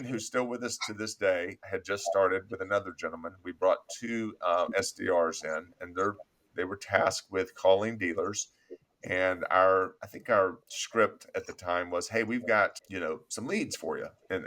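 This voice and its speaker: Deep-voiced man telling a story. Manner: animated anecdote-telling with laughs. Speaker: podcast host, agency owner. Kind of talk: storytelling in casual interview. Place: office studio.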